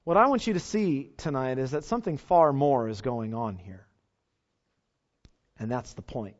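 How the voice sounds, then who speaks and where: Captured on a dull lo-fi recording, this pastor delivers an earnest sermon at a moderate pace, his medium-pitched voice expressive as he poses rhetorical questions to the congregation.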